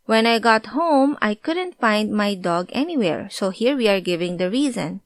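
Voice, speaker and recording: A woman teacher explaining grammar clearly and patiently, working through example sentences. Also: mid-range voice, expressive, measured pace, dry recording. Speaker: language teacher.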